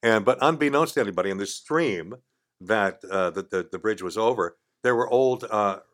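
Older man spinning a lively studio yarn. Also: fairly low pitch, moderate pace. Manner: animated, acts out quoted voices, chuckles mid-story. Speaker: podcast guest. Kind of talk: casual storytelling. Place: radio studio.

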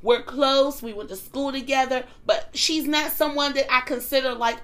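Bright, high-voiced woman hosting casual chat. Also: normal speed. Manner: candid, profane, lively storytelling. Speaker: podcast host.

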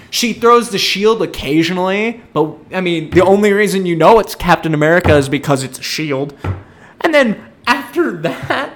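Ranting male co-host, fairly high voice, fed-up review chat with sudden loud bursts. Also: lively intonation, normal speed. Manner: exasperated, ranting, swings into loud outbursts.

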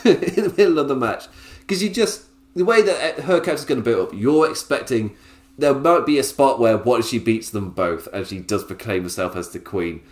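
A man's voice: medium pitch, darkish tone, roomy sound. A man giving a casual, chatty review of a wrestling show. He laughs often and talks in loose, filler-heavy bursts. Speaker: wrestling podcaster.

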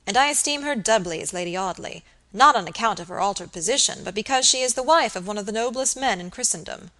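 A woman's voice: medium pitch, animated, fast talker, fairly bright tone, lightly acted. A woman reading an audiobook and voicing a proper, formal male village surgeon who speaks with stiff politeness. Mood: formal, indignant.

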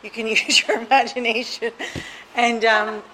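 A woman's voice: a little high, little pitch movement, unhurried, pushed and bright, slight background noise, rough recording. Candid woman laughing through her story. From New Jersey. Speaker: guest sharing her recovery story. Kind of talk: personal storytelling.

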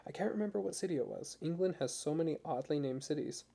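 Male narrator doing a shy young woman, soft and polite, dark gravelly voice. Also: a little high, expressive, fast talker, heavily acted. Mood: earnest.

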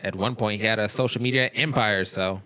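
Low-voiced deadpan podcast co-host man. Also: brisk, no room sound. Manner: deadpan, absurd jokes. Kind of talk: casual podcast banter.

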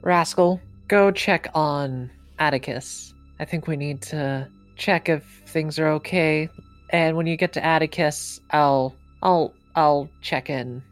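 A woman's voice: sits low, takes it slowly, soft background music. A woman playing a tabletop role-playing game, talking casually and hesitantly with many "like"s. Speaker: player.

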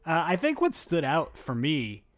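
A man's voice: a little high, wildly swooping pitch, unhurried. A man hosting a podcast in casual chat, rambling with many fillers and restarts. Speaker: podcast host.

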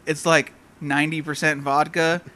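A man recalling anecdotes about a friend in relaxed casual chat, swearing easily. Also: fairly high pitch, normal speed. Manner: laid-back anecdote teller.

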